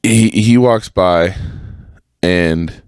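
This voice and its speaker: A man's voice: sits low, extremely slow, a little mellow, smooth, no echo, studio quality. A young man hosting a casual podcast monologue, telling a story in a rambling, profane way with lots of fillers and restarts. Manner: profane, rambling, full of fillers and self-corrections. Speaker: podcast host.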